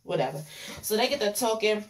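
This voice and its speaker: A woman's voice: medium pitch, lively intonation, a little fast, slight background noise. Chatty, opinionated young woman reviewer. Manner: chatty, opinionated, repeats phrases, laughs often. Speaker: reality TV reviewer. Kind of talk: casual chat.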